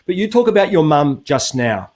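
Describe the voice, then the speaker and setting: A man's voice: fairly high pitch, big pitch swings, moderate pace, a little mellow. A man, a motivational speaker who talks earnestly in a webinar and poses rhetorical questions. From Australia. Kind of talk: webinar conversation.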